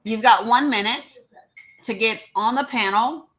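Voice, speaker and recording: A livestream host with a fairly high, slightly bright voice speaks a little slowly on a live social audio stream. She chats casually, greets listeners by name, and uses lots of fillers.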